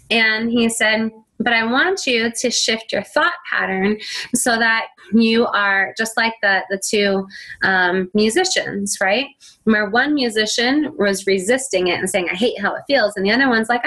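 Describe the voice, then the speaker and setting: A woman telling a personal story as a self-help speaker, animated, laughing often and acting out both sides of a conversation. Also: mid-range voice.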